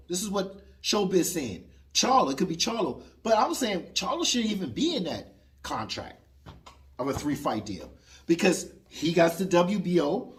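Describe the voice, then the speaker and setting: A man in a heated vlog rant about the fight game. His pitch swings widely as he talks, rising and dropping for emphasis. He keeps arguing back at an imagined listener. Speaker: boxing commentator. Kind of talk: opinionated commentary.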